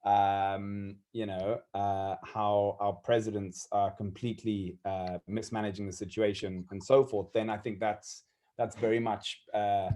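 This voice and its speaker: A man's voice: on the low side, flat delivery, measured pace, mellow. A man speaking as a panel guest on a video call, emphatic in his agreement but with many fillers like "you know" and "uh". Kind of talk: conversational panel discussion.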